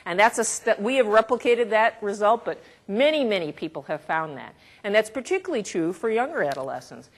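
A woman's voice: medium pitch, expressive, fairly quick, few pauses. A woman researcher giving an academic lecture in a conversational way, with asides and the odd chuckle.

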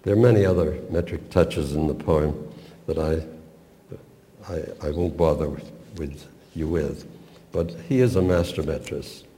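An older man giving a measured, professorial talk on a poem, with small stumbles now and then. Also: rumbling low, steady tone, dark tone. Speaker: literature lecturer. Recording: long reverb, roomy hall.

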